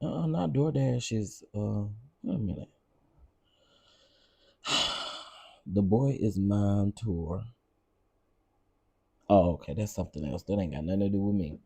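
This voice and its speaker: A man's voice: fairly low pitch, measured pace, vocal fry, pauses often, mellow, breathy edge, no echo. A man hosting a casual commentary show, sassy and gossipy, laughing often and repeating lines for effect.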